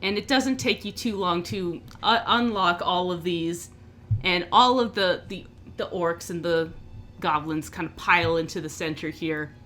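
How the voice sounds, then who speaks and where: A woman narrating a tabletop game as game master, relaxed, with frequent restarts. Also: fairly low pitch, a little slow, a little hiss or hum.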